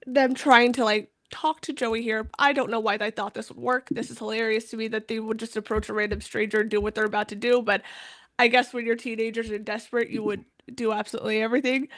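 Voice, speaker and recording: A woman's voice: on the high side, fairly even intonation, brisk, a bit bright. A young woman co-hosting a casual book discussion, retelling scenes and reading quotes with frequent laughter. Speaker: podcast co-host.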